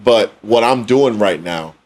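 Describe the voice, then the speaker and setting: A man's voice: lowish voice, animated, unhurried, darkish tone. A man co-hosting a podcast in casual discussion, emphatic and repetitive for effect. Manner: emphatic, preachy, repeats phrases for effect. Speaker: podcast co-host.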